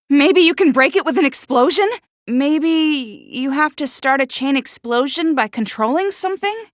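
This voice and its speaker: A woman voicing a gloomy, sharp-tongued teenage schoolgirl for a video game, with a nervous stutter and snide, sarcastic put-downs. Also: high voice, no echo, studio quality. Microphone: close studio mic.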